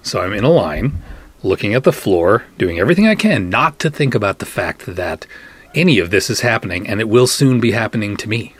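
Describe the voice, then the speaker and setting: Middle-aged male podcast host, husky, animated storyteller who acts out the voices. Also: on the low side, fairly quick. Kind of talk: comic anecdote, casual storytelling.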